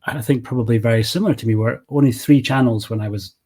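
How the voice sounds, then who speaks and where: A man's voice: mid-range voice, fast talker, a little mellow, slightly rough. A British man in his late forties, an interview guest, chatting in an easygoing way as he looks back on his childhood. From United Kingdom. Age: 40s. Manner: easygoing, reminiscing. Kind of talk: casual interview chat.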